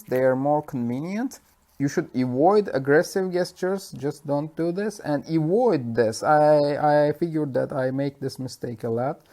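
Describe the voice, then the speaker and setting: A man's voice: a little high, a little mellow. A man with a Turkish accent, a university lecturer, giving a self-recorded lecture in a conversational way, with many fillers and self-corrections. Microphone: self-recorded lecture mic.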